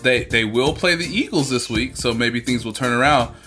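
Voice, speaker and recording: A male podcast co-host in casual sports chat, hesitant with stumbles and repeated words, then quick bursts. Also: mid-range voice, sharp tone, soft background music.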